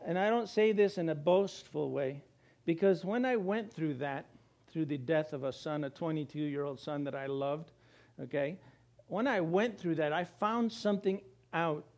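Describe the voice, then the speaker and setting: High-voiced middle-aged male pastor preaching. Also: moderate pace. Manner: animated, laughing, mimics gloomy complainers. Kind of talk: sermon. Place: church.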